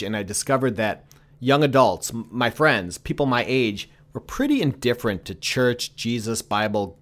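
A man who is a pastor, speaking earnestly and emphatically in a reflective conversation. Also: fairly low pitch.

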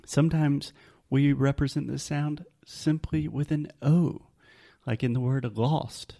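A man's voice: a little high, steady tone, gravelly, mellow. A man with a Southern US accent, patiently teaching English pronunciation through examples in a casual chat. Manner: patient, explains slowly with examples.

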